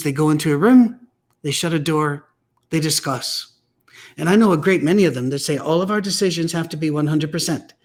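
A man giving a weekly preaching message, telling stories in a blunt, emphatic, conversational way. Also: fairly high pitch. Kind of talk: weekly message on church teaching.

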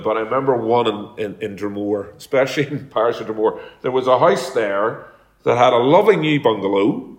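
A man preaching a sermon as pastor, talking in a conversational way and telling homely stories. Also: medium pitch. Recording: echoey room.

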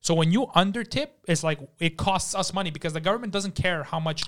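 A podcast guest with a fairly high voice tells a story briskly in loose, casual chat. He's animated and swears freely, slipping into the voices of the people he describes. He's recorded on a studio microphone.

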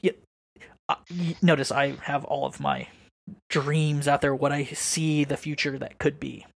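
A man's voice: a little high, expressive, measured pace, vocal fry, dry recording. A man co-hosting a podcast in casual chat, rambling, musing and swearing freely. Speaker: podcast co-host.

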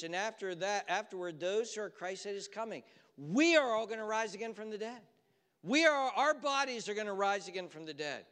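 A man preaching a sermon in a church, impassioned, moving between loud proclamation and hushed storytelling. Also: high-pitched, lively intonation, moderate pace, clean tone. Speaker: pastor. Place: church sanctuary. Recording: long church reverb.

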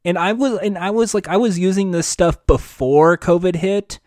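Casual male co-host, slightly high voice, halting and rambling, dry close sound. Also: darkish tone, no echo. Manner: rambling, halting restarts and fillers. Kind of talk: casual podcast chat.

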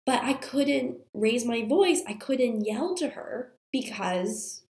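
A woman's voice: on the high side, expressive, slow, darkish tone. A young woman who is sick and has a strained voice, chatting casually to viewers as a mom and telling a story with many fillers. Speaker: mom vlogger. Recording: roomy echo.

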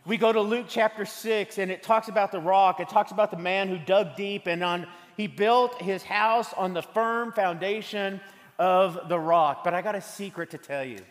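A man's voice: high voice, moderate pace. A man preaching a sermon as pastor, mixing jokes and stories into his message in a church. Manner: humorous, storytelling. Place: church sanctuary. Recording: long hall reverb from a church sanctuary.

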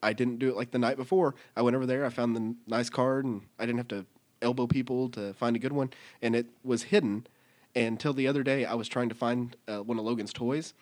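A man's voice: mid-range voice, fairly quick. A man in his thirties co-hosting a podcast, telling stories in a casual chat, acting out voices and laughing often. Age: 30s. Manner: animated storyteller, acts out voices, laughs often. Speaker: podcast co-host.

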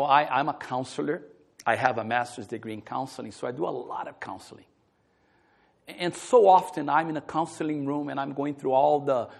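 A man preaching a sermon in a church, emphatic, swinging between loud stressed words and soft drops. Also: mid-range voice, gravelly. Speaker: counselor.

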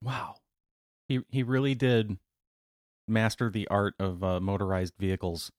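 A man co-hosts a casual podcast chat, laughing often and firing off quick, jokey quips. His voice is fairly low in pitch with little pitch movement.

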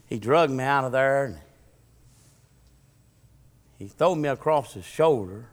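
A man preaching a sermon, moving between shouted, fervent lines and folksy stories. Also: medium pitch, lively intonation, unhurried. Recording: long hall reverb.

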